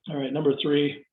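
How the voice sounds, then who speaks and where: A middle-aged man delivers a sermon in a casual, conversational way, often restarting his sentences. His voice sits a little high. The sound is echoey and thin, as if heard over a phone line in a big room. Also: creaky. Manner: conversational, self-interrupting, acts out quoted reactions. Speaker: pastor.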